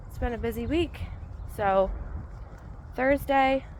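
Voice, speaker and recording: A woman and vlogger giving a relaxed, rambling spoken gratitude list while out walking in the cold. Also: medium pitch, a little slow, slight background noise, low-quality recording. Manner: relaxed, rambling, thinking aloud. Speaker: vlogger and mindset coach. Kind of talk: casual spoken gratitude journal. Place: outdoors on a cold walk.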